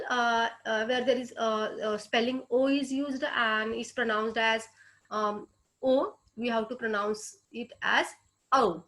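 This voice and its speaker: A high-pitched woman with an Indian English accent teaches phonetics in an online lecture. She pauses on frequent filler sounds and drags out example words to demonstrate them. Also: fairly bright tone. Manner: hesitant, many filler sounds, repeats sounds slowly to demonstrate.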